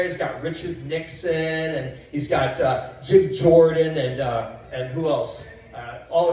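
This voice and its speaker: A man doing stand-up jokes at a coffee shop, halting with many fillers and restarts. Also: fairly high pitch, darkish tone. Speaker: stand-up comedian. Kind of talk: open-mic joke telling. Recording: echoey room, mic far off.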